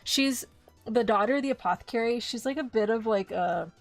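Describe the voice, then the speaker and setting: A woman streaming live, casually recapping an anime, animated and swearing freely as she acts out quick quotes. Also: a little high, creaky, soft background music. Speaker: VTuber streamer.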